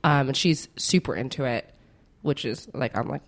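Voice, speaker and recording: A woman's voice: rumbling low, moderate pace. A young woman co-hosting a podcast, chatting casually, giggly and swearing, joking about herself. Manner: swearing, giggly, self-mocking. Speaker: podcast co-host. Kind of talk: casual chat.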